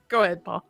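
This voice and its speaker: A woman's voice: sits high, gravelly, dry recording. A woman hosting a casual live discussion stream, chatty and reading viewer comments aloud. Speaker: livestream host.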